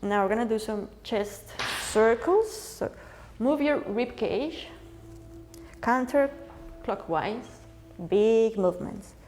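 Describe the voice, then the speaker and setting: A woman teaching a live-streamed yoga class, calmly cueing breath and movement in short phrases. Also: fairly high pitch, slow pace, soft background music. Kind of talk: guided yoga class instruction. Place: home studio space, live-streamed.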